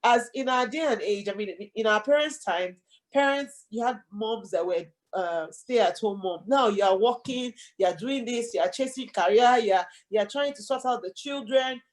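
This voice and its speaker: A woman's voice: fairly high pitch, normal speed. Affirming female interview host. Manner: affirming, sums up the guest's points.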